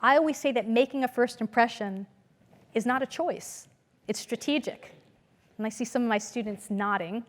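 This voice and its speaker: A woman lecturer giving a conference talk to an audience, storytelling in a lively way and acting out the voices she quotes. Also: on the high side, normal speed. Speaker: business school lecturer. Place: lecture hall.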